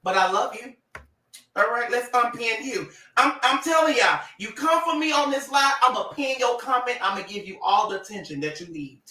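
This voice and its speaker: A man chatting on a livestream in a bright, forceful voice, sassy and animated, breaking into laughs. The room is echoey and he sits a little back from the mic. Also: extremely high pitch, a little fast, distant mic. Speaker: social media personality on a livestream. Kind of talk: casual livestream talk to followers.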